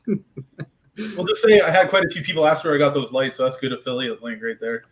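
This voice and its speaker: A man talking in a relaxed, slightly boastful way in a casual aquarium chat. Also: fairly high pitch, fairly quick, slight background noise, poor audio. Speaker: aquarium hobbyist co-host.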